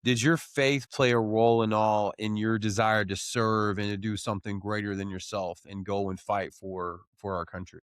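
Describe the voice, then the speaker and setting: A man hosting a podcast, asking a guest long, measured interview questions. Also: lowish voice, level tone, clean tone, no echo, clean studio sound. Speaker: podcast host.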